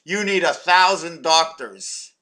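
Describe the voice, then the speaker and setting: A man's voice: a little high, slow pace, pushed and bright. A man from Quebec, Canada, talking in a meandering, playful vlog monologue full of wordplay and muttered asides. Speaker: vlogger.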